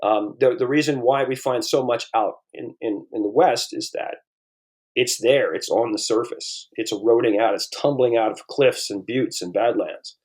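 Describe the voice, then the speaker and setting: A man's voice: mid-range voice, moderate pace, darkish tone. A man in his fifties from the eastern United States, a paleontologist chatting as a podcast guest, rambling and telling stories. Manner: rambling, storytelling, frequent restarts and fillers. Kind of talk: casual interview conversation.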